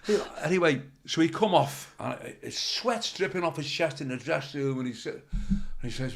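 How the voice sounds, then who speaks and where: A man's voice: fairly high pitch, expressive, a little fast, gravelly, hardly any pauses. A male comedian telling rambling anecdotes as a podcast guest, swearing freely. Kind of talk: storytelling in a podcast interview.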